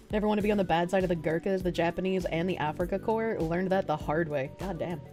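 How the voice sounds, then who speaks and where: A woman's voice: fairly low pitch, brisk, a little mellow, faint music behind. Giggly sick woman streamer. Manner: giggly, reads donor messages aloud with frequent thanks. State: sick with nausea and hiccups. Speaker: livestreamer reading chat. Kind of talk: casual livestream chat.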